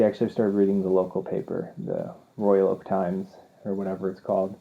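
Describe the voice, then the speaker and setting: A man's voice: deep voice, level tone, a little fast, gravelly, few pauses. A man hosting a podcast, telling a rambling, self-deprecating story in a casual monologue and acting out the people in it. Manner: rambling, self-deprecating, acts out quoted dialogue. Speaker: podcast host. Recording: tinny phone-like audio.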